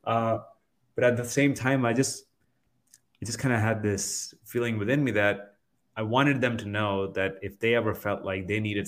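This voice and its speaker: Earnest, low-voiced male podcast host. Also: fairly bright tone. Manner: earnest, hesitant, restarts sentences. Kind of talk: reflective podcast conversation.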